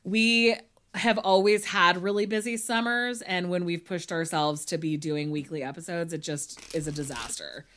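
A woman's voice: lowish voice, fairly even intonation, moderate pace, a bit bright, a little hiss or hum. Chatty giggly woman podcast co-host. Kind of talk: casual chat.

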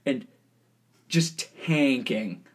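Lively, husky-voiced man joking around. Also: medium pitch, drawn-out words. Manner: joking, rambling, laughs often. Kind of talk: casual podcast chat.

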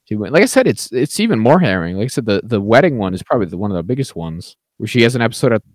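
Dude co-hosting a movie podcast, rambly, keeps going "like I said", dry mic. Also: male voice, lowish voice, sing-song, racing, dry recording. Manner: chatty, keeps saying "like I said" and "right?". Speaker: podcast co-host. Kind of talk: casual film discussion.

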